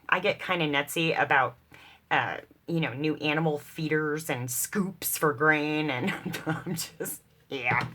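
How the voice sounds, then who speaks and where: Chatty self-deprecating crafting woman, bright voice. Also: sits low. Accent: mock British put-on. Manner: chatty, self-deprecating, laughs often, talks to viewers as she works. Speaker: crafting video host. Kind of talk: casual crafting chat while working.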